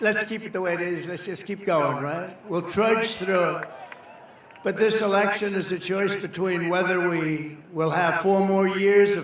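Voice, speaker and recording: Echoing, bright-voiced rally speaker man. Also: sits high. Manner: rambling, repeats phrases for emphasis. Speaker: political candidate at a campaign rally. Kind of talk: off-the-cuff rally speech. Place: large rally venue with a crowd. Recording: very echoey venue with crowd noise.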